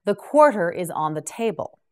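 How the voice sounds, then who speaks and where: A woman teaching English to beginners, carefully enunciating each word and repeating it in a slow vocabulary drill. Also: fairly low pitch, very animated.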